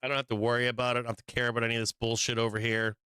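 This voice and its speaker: A man talks through stock charts in a blunt, rambling, profane way, with plenty of ums and asides. His voice is bright and smooth. It is recorded dry and close. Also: mid-range voice, little pitch movement, racing, no room sound. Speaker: stock market show host. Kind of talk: casual trading commentary.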